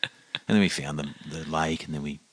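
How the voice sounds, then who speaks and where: A man's voice: rumbling low, little pitch movement, fairly quick, a bit bright. A man with an Australian accent, casually telling rambling travel stories on a podcast and swearing freely. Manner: rambling anecdotes, acts out quotes, swears freely. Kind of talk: casual chat, storytelling.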